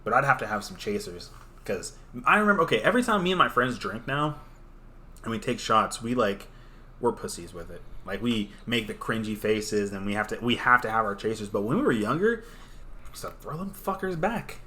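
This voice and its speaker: A podcast host in his twenties chats casually and tells stories with animation, laughing often and swearing freely. His voice is lowish and he talks a little fast.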